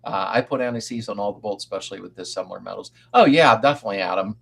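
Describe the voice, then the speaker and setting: A man's voice: on the low side, very fast, creaky, a bit bright, slightly rough. An older man hosting a casual livestream, rambling in a folksy way as he answers viewers and greets them by name. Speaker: livestream host. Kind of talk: casual live-stream chat.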